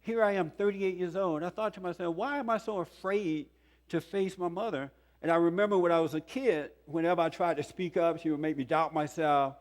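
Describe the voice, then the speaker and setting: Earnest older man telling a story. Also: on the high side. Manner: earnest storytelling with chuckles and emphatic peaks. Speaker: speaker. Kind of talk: testimony talk to a conference audience. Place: conference hall.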